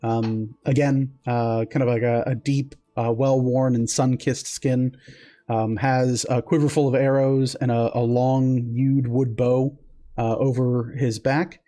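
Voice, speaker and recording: A man's voice: medium pitch, little pitch movement, a little slow, mellow. A man narrating a tabletop game as game master, descriptive, with many fillers and self-corrections.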